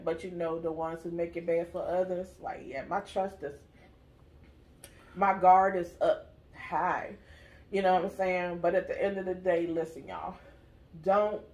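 A woman hosting her channel, telling a personal story in casual chat with an emphatic, direct manner. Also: sits low. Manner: emphatic, storytelling, addresses viewers as y'all. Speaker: channel host, mother.

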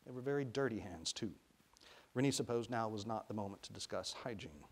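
A man's voice: fairly low pitch, a little fast, husky. Man reading a children's novel aloud. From Arkansas, USA. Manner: expressive storytelling, briefly voicing characters. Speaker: author reading his own book.

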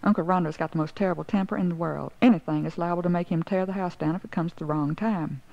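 Gravelly low-voiced woman reading a story. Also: fairly even intonation, fast. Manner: wry, aggrieved storytelling. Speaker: narrator. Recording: dull lo-fi recording.

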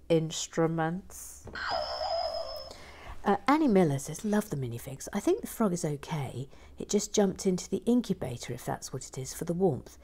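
Playful woman, low voice. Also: warm tone, slightly rough. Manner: playful, reads viewer comments, drops into whispers. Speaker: Lego building channel host. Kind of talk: casual chat and soft whispered building commentary.

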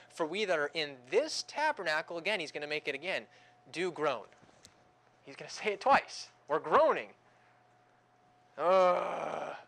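A man's voice: on the high side, a bit bright. A young male pastor preaching a conversational sermon, with joking asides and acted-out groans.

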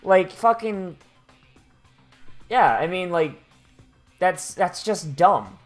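Give me a crude, sarcastic young woman narrating a video game playthrough over quiet background music. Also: fairly low pitch, expressive, very slow. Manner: crude, heavily profane, sarcastic, rambling. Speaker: let's play host. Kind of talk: gameplay commentary reading game text aloud. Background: faint game music.

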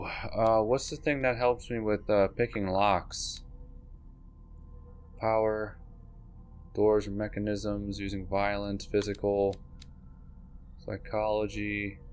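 Slow-talking nervous young gamer guy. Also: lowish voice, a little hiss or hum. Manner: jittery, swears, repeats himself. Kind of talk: casual let's-play commentary.

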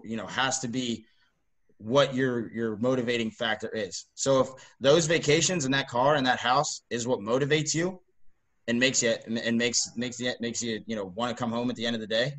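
A man co-hosting a podcast, talking in a relaxed, rambling way full of "like" and "you know". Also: mid-range voice. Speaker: podcast co-host. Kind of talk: casual chat.

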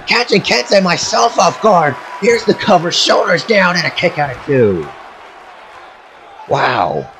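A man doing excitable play-by-play commentary over a wrestling video game, often shouting at big moves. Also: a little high, a little slow, a faint crowd, a little hiss or hum, low-quality recording. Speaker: amateur commentator.

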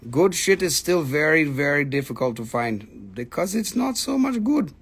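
A high-pitched man hosts a live crystal sale in a loose, chatty way. He teases his viewers, breaks into laughter and swears without a second thought. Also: very animated, normal speed, breathy edge. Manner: teasing, laughing, swearing freely. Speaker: live-stream crystal seller. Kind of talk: casual live sales stream.

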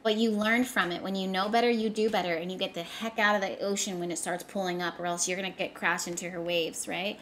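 A woman's voice: medium pitch, fairly even intonation, quick pace, few pauses, a bit bright, slight background noise. A woman giving a casual tarot reading straight to her viewers, talking emphatically and often repeating herself for effect. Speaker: tarot reader.

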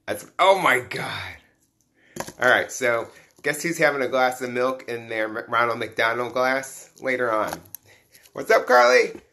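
A man chatting casually on a live stream as he unboxes collectible toys, excitable and chatty, greeting viewers by name. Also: medium pitch, measured pace, a little hiss or hum.

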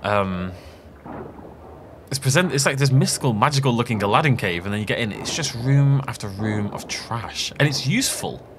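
A man's voice: medium pitch, expressive, normal speed, noisy background. A man giving casual, jokey let's play commentary, rambling through asides and laughing often. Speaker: gaming channel host. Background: game music.

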